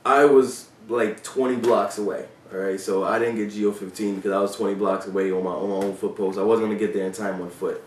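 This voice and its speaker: A low-pitched man chats casually about his days on the police force, swearing freely and leaning on fillers. His voice sounds set back from the mic. The sound is roomy and echoey. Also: fairly even intonation, fast, few pauses, distant mic, slight background noise. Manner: loose and profane, with many fillers. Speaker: former police officer telling stories. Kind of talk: casual storytelling vlog.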